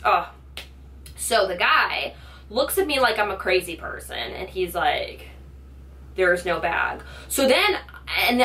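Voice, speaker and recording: Young woman, storytime vlog, animated, bright tone, slightly distant mic. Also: mid-range voice. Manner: animated storytelling, many "like" fillers, acts out quotes. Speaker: vlogger.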